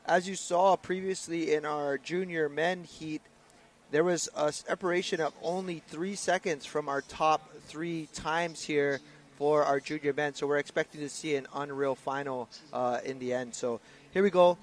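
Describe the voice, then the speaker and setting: A man's voice: a little high, fairly even intonation, moderate pace, slight background noise. A man with a slightly raised voice does live sports commentary on a canoe race. He sounds upbeat as he runs through the lanes and crews.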